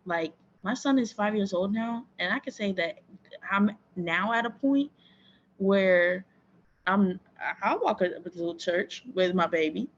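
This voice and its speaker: A woman's voice: mid-range voice, animated, measured pace, muffled recording, a little hiss or hum. A young woman from Florida, a sports team owner, candidly and emotionally telling her personal story as an interview guest. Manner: earnest, emotional, reflective.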